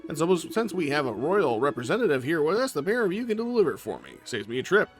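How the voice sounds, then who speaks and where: A man's voice: on the high side, very animated, quick pace. A man voicing a proud, cheerful middle-aged fisherman father in a video game, reading the dialogue in a folksy, boastful way. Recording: faint music behind.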